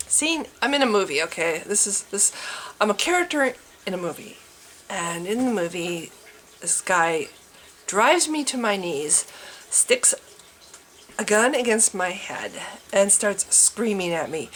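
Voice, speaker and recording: Animated sarcastic woman ranting casually. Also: mid-range voice, a little slow, slight background noise. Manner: animated, acts out scenes, wry and sarcastic. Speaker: vlogger. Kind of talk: casual rant to camera.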